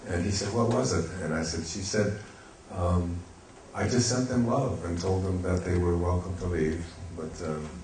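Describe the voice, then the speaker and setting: An older man telling a gentle, meandering story with soft laughs and many fillers. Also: deep voice, steady tone, normal speed, reverberant, slight background noise, rough recording. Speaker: speaker. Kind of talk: reflective storytelling talk.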